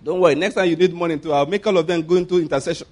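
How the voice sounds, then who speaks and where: Preacher guy, pretty high voice, animated, laughs a lot, does little voices. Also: racing. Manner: lively, laughing often, acts out quoted voices. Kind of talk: sermon.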